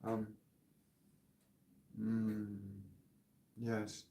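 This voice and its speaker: A man hosting a live channeling session. He relays spirit messages in an earnest, measured way, laughs softly and often restarts his sentences. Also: lowish voice, completely flat delivery. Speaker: spiritual medium and show host. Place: home living room. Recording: echoey room.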